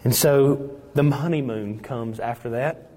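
Slow, dramatic male preacher in a hall. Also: mid-range voice. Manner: dramatic, swings between loud and hushed. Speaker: pastor. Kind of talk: sermon. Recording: long reverb in a large hall.

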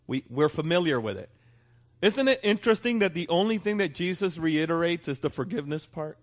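A man's voice: a little high, lively intonation, fairly quick. A pastor preaching a sermon to his congregation, talking conversationally and often asking them for a response. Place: church.

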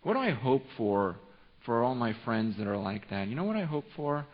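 A male pastor preaching a sermon in a church, telling a story with animated, rising excitement and frequent restarts. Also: medium pitch, moderate pace. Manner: repeats and restarts words often. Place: church sanctuary. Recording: muffled sound with long hall reverb.

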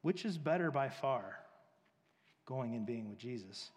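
A man's voice: mid-range voice, lively intonation, a little slow. A man preaching a casual, conversational sermon, telling stories with lots of fillers. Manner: casual, filler-heavy, storytelling. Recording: long reverb of a large hall.

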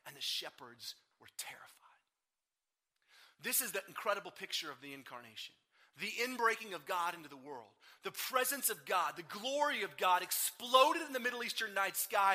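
A male pastor delivers a sermon with a notably high, very bright voice. He retells scripture in an animated storytelling manner, acting out the quoted lines.

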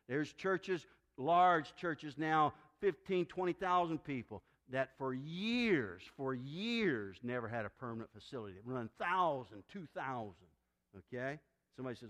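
A man's voice: mid-range voice, expressive, moderate pace, fairly bright tone. A male pastor delivering a sermon, acting out quoted voices as he preaches.

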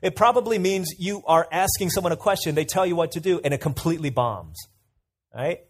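A man preaching a sermon in a relaxed, chatty way, with a voice pitched a little high. He keeps turning to listeners with direct questions. He tells everyday stories to make his points. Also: a little fast. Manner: conversational, asks the audience questions, tells anecdotes.

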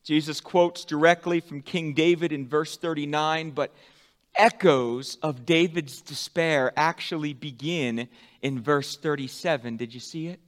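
A pastor preaching a sermon, with dramatic swings from loud emphatic peaks to hushed, soft endings. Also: male voice, on the high side, fairly even intonation, measured pace, long reverb tail.

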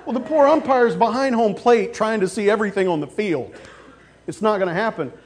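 A male pastor preaching a sermon, with casual stories and sudden loud, emphatic outbursts. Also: high voice, fairly quick.

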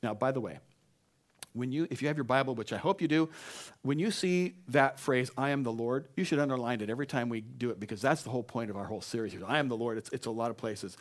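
A pastor preaching a sermon, reading scripture with emphatic repeated phrases and slipping into casual asides. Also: male voice, mid-range voice, expressive, a little fast. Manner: conversational asides with frequent restarts.

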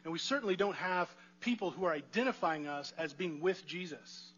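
A man's voice: fairly high pitch, a little fast, fairly bright tone, breathy edge, highs cut off. A man preaching a sermon in a conversational way, asking the congregation rhetorical questions. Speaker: pastor.

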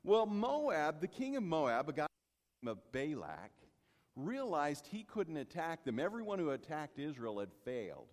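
A man preaching a sermon, telling the story with lively acting-out and speaking straight to the congregation. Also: a little high, a little slow, big-room sound. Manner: animated storytelling, addresses congregation directly.

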